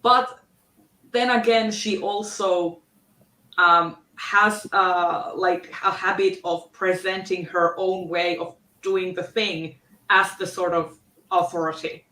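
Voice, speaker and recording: A woman on a video call in a casual book club discussion, speaking haltingly with many restarts. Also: lowish voice, steady tone, sharp tone, a little hiss or hum. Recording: roomy echo.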